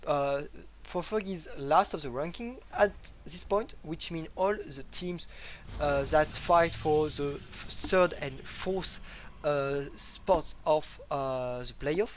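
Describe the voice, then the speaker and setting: A man casting a live strategy game in casual, halting commentary with many fillers and a faint noise floor. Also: fairly high pitch. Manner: chatty, hesitant with many fillers, laughs. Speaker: esports caster.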